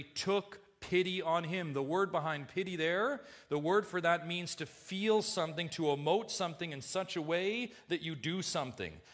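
A male pastor preaching a sermon in an emphatic way, swinging from hushed tones to loud bursts and repeating phrases for emphasis. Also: on the high side.

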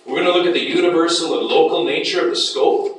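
A man's voice: a little high, quick pace. A man teaching a Bible class as a lecture, often putting questions to the class. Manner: asks the class frequent questions. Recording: echoey room from a distance.

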